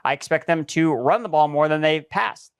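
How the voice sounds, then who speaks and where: A man talking through his reasoning in a steady, analytical way on a podcast. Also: fairly high pitch, normal speed, smooth, dry recording. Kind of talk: casual podcast chat.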